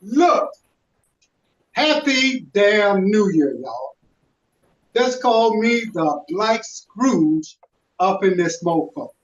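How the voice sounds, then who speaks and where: A middle-aged man from Charlotte doing a stand-up set over a video call, with a drawn-out, preachy delivery and emphatic rises. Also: high voice, very animated, a little hiss or hum. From Charlotte, North Carolina. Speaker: stand-up comedian. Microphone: video call, away from the mic. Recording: distant, echoey, muffled call audio.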